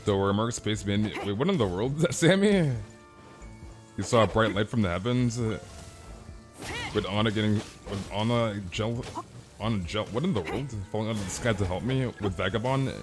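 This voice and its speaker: A man's voice: fairly low pitch, animated, normal speed, music in the background. Teasing male game streamer. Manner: playful teasing banter, says dude a lot. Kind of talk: casual live-stream chatter.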